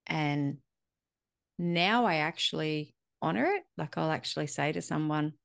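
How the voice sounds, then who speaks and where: A middle-aged woman talks in a loose, candid way, swearing now and then and slipping into quoted dialogue. Her voice sits low with a gravelly fry. It is recorded close in a dry space. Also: animated, unhurried, no room sound. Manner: candid, reflective, swears casually, acts out dialogue. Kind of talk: casual conversational chat.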